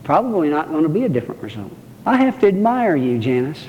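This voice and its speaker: Pastor guy preaching, kinda high voice, muffled lo-fi church recording. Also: very animated, quick pace, darkish tone, long reverb tail, a little hiss or hum. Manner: folksy, joking, preacherly calls to the congregation. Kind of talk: sermon. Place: church sanctuary.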